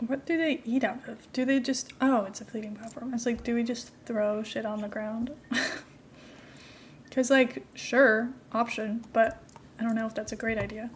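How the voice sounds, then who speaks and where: Woman streamer, chatty and giggly, a touch high, with light background noise. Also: steady tone, moderate pace. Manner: chatty, giggly, talks to herself while building. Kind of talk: casual game-stream chat.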